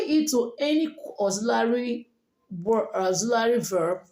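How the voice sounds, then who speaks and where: A woman teaches a diction lesson. She talks slowly and carefully, modelling each intonation pattern aloud. Her voice carries in an echoey room. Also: mid-range voice, lively intonation, darkish tone. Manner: slow, deliberate, demonstrates intonation patterns aloud.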